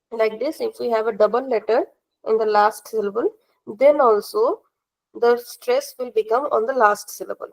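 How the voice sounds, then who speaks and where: A woman's voice: fairly high pitch, creaky, low-quality recording. A young woman with an Indian accent teaching a language class, explaining step by step in a patient, repetitive way and checking in with questions.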